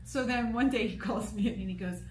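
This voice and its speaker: A woman with a New York accent, co-hosting a live talk show and telling stories in a lively, laughing manner. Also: mid-range voice, normal speed. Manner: animated storytelling with frequent laughs. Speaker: radio show producer and co-host. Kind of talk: casual on-air banter. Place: live broadcast from a political convention.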